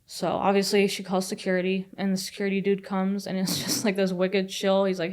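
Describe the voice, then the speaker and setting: A young adult woman appears as a guest, telling a personal story in fast, rambling speech packed with "like" fillers and swearing. Her medium-pitched voice is level in tone and a little mellow.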